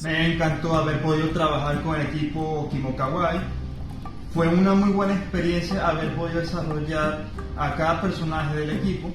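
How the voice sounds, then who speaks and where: A man speaks sincerely about working with the team in a flat, steady, slightly raised voice. The room is very echoey, and loud guitar music plays over him. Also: fairly high pitch, quick pace. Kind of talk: documentary testimonial.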